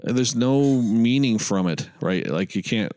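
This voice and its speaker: A man co-hosting a podcast in casual chat, joking and jumping in with quick remarks. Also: medium pitch, no room sound, clean studio sound. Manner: animated, quick interjections, joking. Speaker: podcast co-host.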